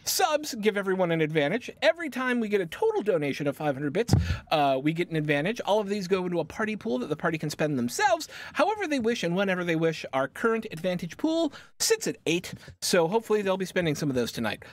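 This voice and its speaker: A man's voice: high-pitched, quick pace. A man hosting a tabletop game stream, chatting casually and joking over a video call. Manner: animated, joking, rambling. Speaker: game master and stream host. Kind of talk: casual livestream chat.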